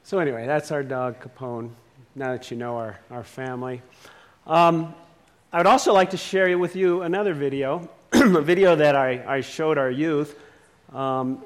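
A man talking casually to a live audience, halting with many fillers and restarts. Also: mid-range voice, in a large hall. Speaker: speaker addressing an audience.

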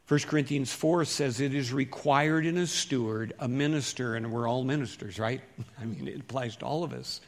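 A folksy male pastor gives a sermon in an easygoing, chatty manner. He swings from loud, emphatic bursts to hushed asides. His voice sits at an ordinary middle pitch. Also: moderate pace.

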